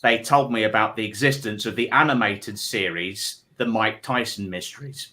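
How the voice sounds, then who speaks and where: Bright-voiced male comedy host. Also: lowish voice, moderate pace, a little hiss or hum. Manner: chatty, reads out viewer comments with wry asides. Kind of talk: comedy panel show hosting. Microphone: online live stream.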